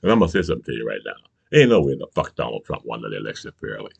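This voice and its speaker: A man hosting his own channel, delivering a profane, angry political rant, bursting into shouts and asking "you understand?" again and again. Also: rumbling low, very animated, very fast, gravelly, husky, no room sound, muffled recording. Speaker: channel host.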